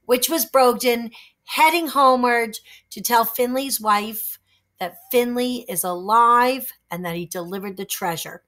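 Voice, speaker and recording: A woman reading a children's chapter book aloud, expressive and suspenseful. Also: on the high side, a little slow. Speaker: storyteller.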